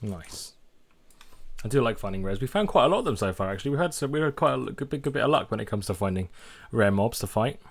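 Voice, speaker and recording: A man's voice: medium pitch, fast. A man casually commenting on his gameplay as host of a let's play, musing aloud and correcting himself as he goes. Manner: relaxed, musing, with self-corrections.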